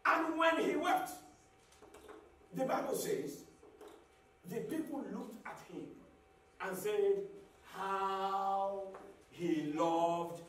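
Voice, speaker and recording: A man preaching a sermon as a pastor, repeating phrases and building up to shouts. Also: high-pitched, drawn-out words, long pauses, slight background noise. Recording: echoey hall, mic at a distance.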